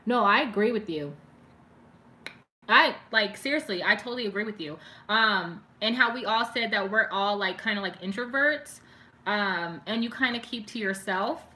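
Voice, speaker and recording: A young woman talks with her viewers during a live stream, her voice bright and clear. She rambles in a loose, heartfelt way, leaning on "like" constantly. She stops here and there to read comments out loud. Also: mid-range voice, normal speed. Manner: chatty and emotional, heavy use of "like", reads viewer comments aloud. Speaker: beauty vlogger doing a live stream. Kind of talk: casual chat with live viewers.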